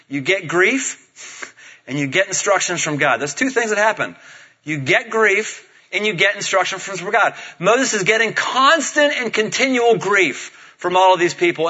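A man's voice: sits high, bright, forceful tone. A male pastor preaching a sermon in a conversational, playful way, drawing the congregation into the talk, on a dull lo-fi recording. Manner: conversational and playful, gets the audience to join in.

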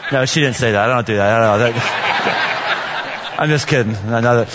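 A man preaching a sermon as a pastor, animated and joking, acting out little scenes and voices. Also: mid-range voice, moderate pace, pauses often, background noise. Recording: dull sound with long hall reverb.

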